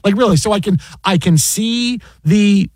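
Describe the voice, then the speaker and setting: A man telling a work story in casual chat, animated and exasperated, with many restarts. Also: high-pitched, moderate pace, no room sound.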